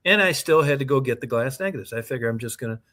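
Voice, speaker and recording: A man's voice: mid-range voice, lively intonation, very fast, a bit bright. Foul-mouthed man telling a rambling story. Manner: profane, rambling anecdote-telling. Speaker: podcast co-host. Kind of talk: casual storytelling chat. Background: co-host's short reactions.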